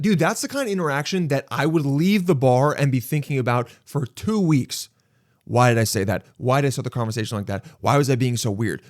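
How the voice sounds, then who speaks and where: A man's voice: medium pitch, animated, fairly quick, no room sound, clean studio sound. Rambling self-mocking man podcasting solo. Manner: rambling, self-mocking, acts out imagined dialogue. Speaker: podcast host.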